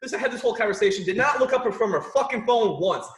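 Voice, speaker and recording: A man talking as a musician guest in a casual video-call chat, lively, acting out the people in his stories. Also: very high-pitched, fast, reverberant. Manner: animated, acts out quoted people.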